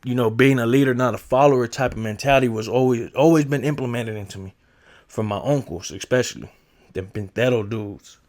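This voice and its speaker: Slangy guy vlogging, telling family stories, animated and laughing a lot, mid-range voice. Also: mid-range voice, brisk. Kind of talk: casual storytelling.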